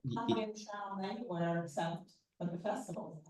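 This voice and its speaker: A female professor moderating a film Q&A, asking questions with halting, hesitant phrasing. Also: mid-range voice, a little mellow. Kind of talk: hosting a Q&A. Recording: roomy echo, far from the mic.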